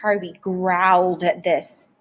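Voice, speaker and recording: A woman narrating a novel chapter aloud in a dramatic, expressive audiobook reading. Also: fairly low pitch, slow pace. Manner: dramatic, varied storytelling delivery.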